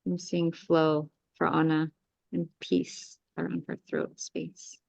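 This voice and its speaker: A woman astrologer leading a live group energy clearing, guiding breaths and chanting soothing, commanding incantations. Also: sits low, level tone, slow, a little mellow, dry recording, muffled recording. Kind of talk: guided energy clearing meditation.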